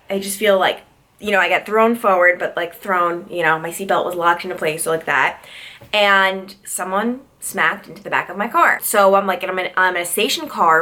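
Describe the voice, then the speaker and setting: Brief: young woman vlogger, bright, forceful tone, chatty and tired, lots of "like.". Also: medium pitch. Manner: chatty, peppered with "like" fillers. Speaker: vlogger and news reporter. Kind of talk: casual vlog chat.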